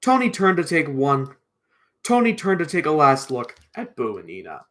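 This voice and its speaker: Male live-stream story reader, halting delivery, very lively pitch, sore throat. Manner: halting, with restarts and pauses. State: strained throat, clearing it often. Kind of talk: reading a children's book aloud on a live stream.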